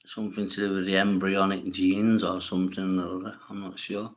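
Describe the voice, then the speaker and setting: A man's voice: sits low, little pitch movement, brisk, highs cut off. A man hosting a casual livestream, reading viewers' comments and answering them bluntly, with plenty of swearing and rambling. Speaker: livestream host.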